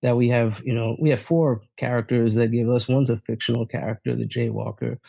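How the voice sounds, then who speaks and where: Energetic man sharing at a recovery meeting. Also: medium pitch, fairly quick, creaky, no room sound. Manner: energetic, preachy, rhetorical questions, laughs often.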